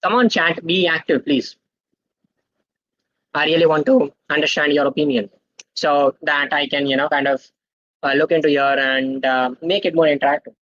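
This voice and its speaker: A man's voice: on the high side, normal speed, long pauses, a bit bright, no echo, lo-fi sound. A young man, teaching a live online workshop. He quizzes the chat and keeps checking in with "okay?". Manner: interactive, quizzes the chat, tags sentences with "okay?". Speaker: guest speaker at a student tech workshop.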